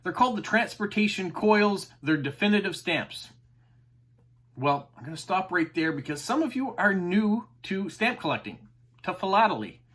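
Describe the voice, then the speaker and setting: A man's voice: high voice, lively intonation, normal speed, a bit bright. A man hosting a stamp collecting channel, chatting enthusiastically to camera and explaining terms, with frequent "uh"s. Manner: enthusiastic, chatty, says uh often. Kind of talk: casual explanatory chat to camera.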